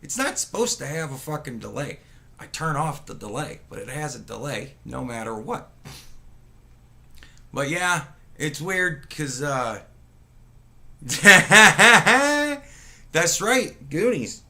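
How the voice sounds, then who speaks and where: A male live streamer talks to his viewers at an unhurried pace, his voice slightly high and bright. He rambles, swears freely and drops into mocking impressions. It sounds like casual home webcam chat. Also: big pitch swings, gravelly. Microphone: webcam setup with mic.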